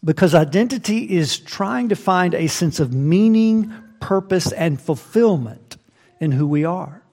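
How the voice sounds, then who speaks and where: A man's voice: high voice, lively intonation, a little slow, a little mellow. Emphatic man preaching a sermon. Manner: emphatic preaching with rhetorical questions, reads scripture aloud. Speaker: pastor.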